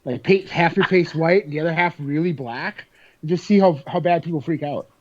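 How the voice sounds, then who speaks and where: A man's voice: fairly high pitch, a little fast, a little hiss or hum. Joking male podcast host, lo-fi. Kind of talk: casual chat. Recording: dull lo-fi sound.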